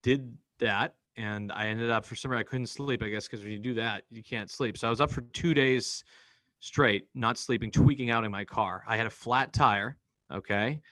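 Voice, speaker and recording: A man from Boston, a podcast guest, telling a personal story in a blunt, profane, animated way and acting out what people said. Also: medium pitch, normal speed, no room sound. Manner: blunt, profane, animated retelling with acted-out quotes.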